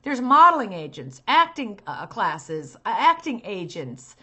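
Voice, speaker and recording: A middle-aged woman, a talent manager, giving earnest and emphatic advice to parents, turning sharp and scolding at times. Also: mid-range voice, very animated, unhurried, dull audio.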